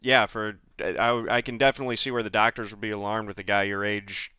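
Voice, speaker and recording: A male host reacting in a relaxed, conversational way during an interview. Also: lowish voice, brisk, clean tone, dry recording, clean studio sound. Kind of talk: casual interview chat.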